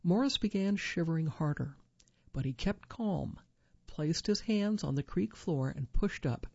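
A narrator reading a true survival story in a measured storytelling manner, lifting the quoted lines. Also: mid-range voice, lively intonation, vocal fry, darkish tone, slightly rough, dry recording, lo-fi sound.

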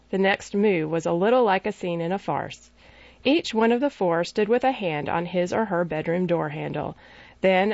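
A woman reads an audiobook, narrating in a measured way and giving the characters distinct voices. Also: on the low side, vocal fry, dry recording. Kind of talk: scripted narration. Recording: dry, slightly dull recording.

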